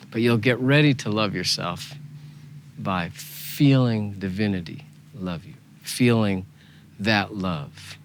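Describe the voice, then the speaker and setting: A man with a lowish voice talks very slowly as he guides a meditation. His delivery is gentle and unhurried, with soft repeated phrases. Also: slight background noise. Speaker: meditation teacher. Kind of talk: spiritual teaching talk.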